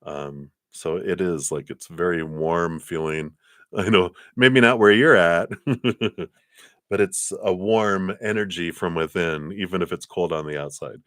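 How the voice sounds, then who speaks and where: A man giving live tarot readings in a gentle, meandering way, with many fillers and soft laughs. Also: sits low, measured pace, dry recording, clean studio sound. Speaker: tarot card reader.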